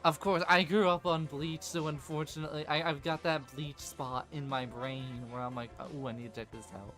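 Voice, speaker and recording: A man hosting a tabletop game stream, chatting loosely and stumbling over his words as he goes. His voice sits a little high. Faint music plays underneath. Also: moderate pace. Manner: rambling, animated, many filler restarts. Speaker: game master. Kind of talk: casual chat before a tabletop session.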